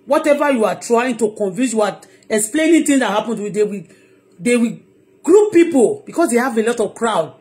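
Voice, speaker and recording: A woman's voice: a little high, animated, brisk, a little mellow. A woman with a Nigerian accent giving an impassioned, heated monologue on her blog, emphatic and repeating herself. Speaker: online blogger.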